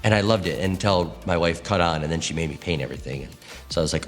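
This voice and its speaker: This pastor's voice is low and fast, with faint music in the background. Teaching a group of church leaders, he tells lively, expressive stories and acts out the quotes.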